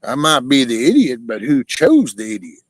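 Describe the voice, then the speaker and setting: A livestream host with a medium-pitched voice and big pitch swings rambles to his viewers, swearing often and restarting sentences as he goes. The audio has no room sound and is poor.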